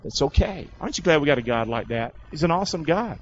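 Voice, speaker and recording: Male pastor, sermon with call-and-response, higher voice, dull lo-fi room recording. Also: animated, quick pace, slight background noise. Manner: call-and-response preaching, questions to the congregation. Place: church hall with congregation.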